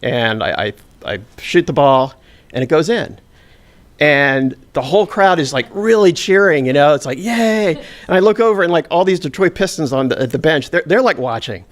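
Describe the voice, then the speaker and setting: Higher-voiced man telling a funny story. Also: normal speed. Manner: self-deprecating, humorous, animated retelling. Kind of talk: live personal storytelling. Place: stage before a live audience.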